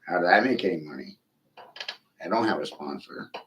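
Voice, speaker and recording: A man's voice: deep voice, expressive, brisk, fairly bright tone, low-quality recording. Man, middle-aged, livestream monologue, rambling, swearing, ranting. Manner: ranting, profane, addresses a viewer by name.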